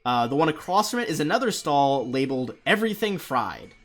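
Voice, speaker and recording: A man's voice: a little high, sing-song, brisk, soft background music. A man acting as game master, describing the scene in a loose, laughing way. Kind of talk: narrating a tabletop game.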